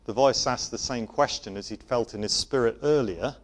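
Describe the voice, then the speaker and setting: A man preaching a sermon to a congregation, gentle in manner, often dropping to a soft voice for emphasis. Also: medium pitch, normal speed. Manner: gentle, varies loudness for emphasis, drops to soft tones.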